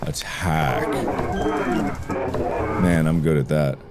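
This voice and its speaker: A man hosting a gaming video, giving excitable running commentary and reacting aloud while he plays a horror game. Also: a bass voice, drawn-out words, over loud music. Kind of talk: let's play commentary.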